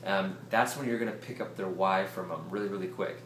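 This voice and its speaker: A man's voice: sits low, steady tone, brisk, a bit bright, roomy sound, a little hiss or hum. A man giving a casual sales training talk, acting out example conversations with strangers. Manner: conversational, acts out example dialogue. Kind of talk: seminar talk on prospecting.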